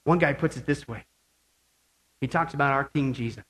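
A pastor preaching a sermon to his church, fervent, dropping to hushed asides and rising to shouted praise. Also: medium pitch, moderate pace.

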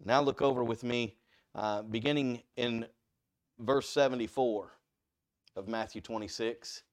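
A man delivers a conversational sermon in an animated way, peppering his listeners with rhetorical questions. His voice is medium-pitched and unhurried.

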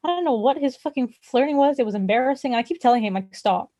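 A woman's voice: high voice, fast, dark tone, no echo. A young woman in casual chat, telling stories with a giggly, sassy manner. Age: young adult. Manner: giggly, playfully sassy storyteller.

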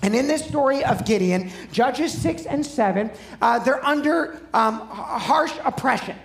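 A male pastor preaches in a relaxed, conversational way, often asking his listeners questions. His voice has a gravelly edge. The sound is roomy and echoey, as in a church. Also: very high-pitched, unhurried. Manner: conversational, asks the audience questions. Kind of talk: sermon.

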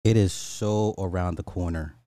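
A man from Illinois, a podcast host, ranting casually in a profane, laughing, animated way. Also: low voice, moderate pace, dry recording. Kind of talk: casual comedic rant.

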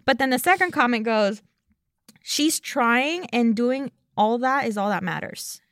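A woman's voice: a little high, expressive, measured pace, fairly bright tone, no echo, studio quality. Enthusiastic woman podcast co-host. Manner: enthusiastic, reads out comments, emphatic. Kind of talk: casual chat.

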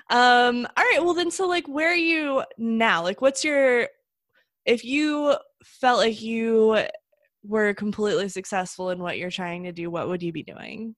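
A woman's voice: on the high side, measured pace, a bit bright, no room sound, studio quality. A young woman, a stand-up comic who hosts interviews, chatting in a giggly, teasing way. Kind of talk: casual interview chat.

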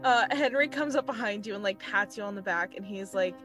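A woman game master narrating a tabletop role-play in a relaxed, giggly way. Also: medium pitch, brisk, music in the background.

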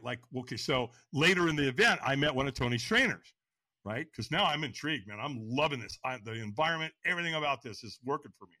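A man telling his story as a podcast guest, lively and animated, acting out quotes and laughing often. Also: no room sound. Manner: lively storyteller, acts out quotes with big pitch jumps. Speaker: guest, firewalk instructor.

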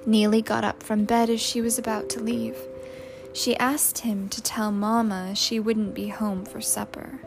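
Slow, higher-voiced woman narrating a novel. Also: level tone, vocal fry. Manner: measured, unhurried storytelling. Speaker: audiobook narrator. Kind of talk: scripted narration. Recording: loud music under the narration.

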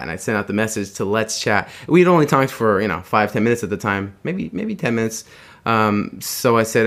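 A man's voice: on the low side, expressive, brisk, fairly bright tone. A man telling a personal story in a casual chat, rambling with many restarts and frequent laughs. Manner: rambling, laughing often, acts out voices in quotes.

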